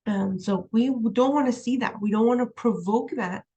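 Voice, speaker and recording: Woman, husky voice, casual lecture from home, chatty, says "right?" a lot. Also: a little high, moderate pace, mellow, poor audio. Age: young adult to middle-aged, has a young daughter. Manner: conversational, repeats "right?" and "um", laughs easily. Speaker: college instructor. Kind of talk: recorded online lecture. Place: home room.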